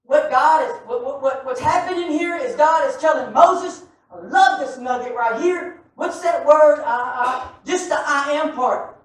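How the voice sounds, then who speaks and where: A man preaching a sermon to a congregation, animated and often shouting, with joking asides. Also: very high-pitched, a little slow. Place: church sanctuary. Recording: echoey church from far off.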